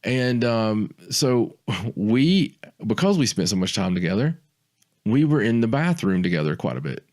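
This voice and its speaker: A man's voice: fairly low pitch, normal speed. A man co-hosting a podcast, telling a story in a rambling, casual way, often repeating words and acting out quotes. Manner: rambling, repeats words, animated when quoting others. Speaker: podcast co-host.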